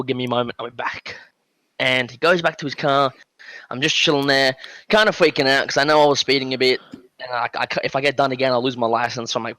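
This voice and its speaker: A young adult man with an Australian accent, speaking at medium pitch, tells a story as a guest on a casual podcast. He's animated, acting out the dialogue and using lots of fillers. There's no room sound.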